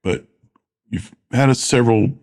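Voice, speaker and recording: A man's voice: medium pitch, unhurried, a little mellow. A man hosting a casual podcast interview, curious and prone to side questions. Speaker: podcast host.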